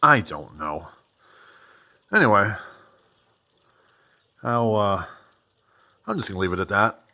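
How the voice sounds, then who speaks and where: A man from New Hampshire talks his way through a repair job in a loose, rambling commentary. His pitch swings up and down a lot as he talks, and his tone is bright and forward. He keeps drifting into joking, self-deprecating asides. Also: big pitch swings, takes it slowly. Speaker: host working on an old vehicle. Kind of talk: casual running commentary while wrenching.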